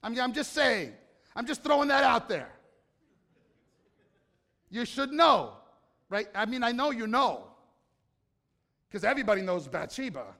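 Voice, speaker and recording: A man with a notably high voice preaches a sermon, chatting and joking with his listeners and quizzing them as he goes. His words ring out with a long reverb, as if heard in a big hall. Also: sing-song, unhurried, gravelly, long pauses, pushed and bright. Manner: conversational, joking, quizzes the congregation. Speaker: pastor.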